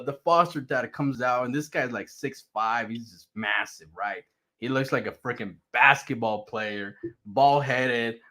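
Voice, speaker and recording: Animated, swearing man telling a story. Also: mid-range voice. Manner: profane, animated, rhetorical "right?" tags. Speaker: channel host telling his back story. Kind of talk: casual storytelling monologue.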